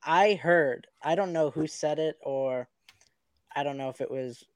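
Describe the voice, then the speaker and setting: A man co-hosting a casual sports podcast over a video call, talking in a halting, hesitant way. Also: fairly high pitch, smooth, no room sound. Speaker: podcast co-host.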